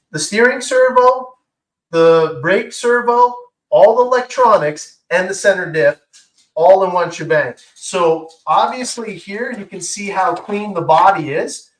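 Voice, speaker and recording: A man co-hosting a casual show-and-tell, talking enthusiastically with lots of fillers while he demonstrates. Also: sits high. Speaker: co-host. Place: indoor workshop room. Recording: roomy echo, far from mic.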